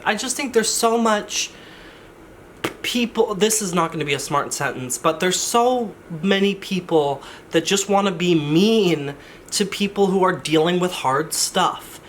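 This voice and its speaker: Bright-voiced guy rambling through a vlog, keeps cutting himself off with little jokes. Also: sits high, expressive, measured pace, a little hiss or hum. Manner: rambling, self-interrupting, jokey asides. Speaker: YouTuber. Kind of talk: casual vlog chat.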